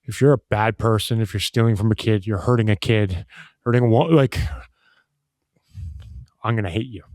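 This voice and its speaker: A man's voice: lowish voice, moderate pace, darkish tone, dry recording, studio quality. A man talking as a podcast guest, emphatic and full of restarts and "you know". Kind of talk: casual conversation.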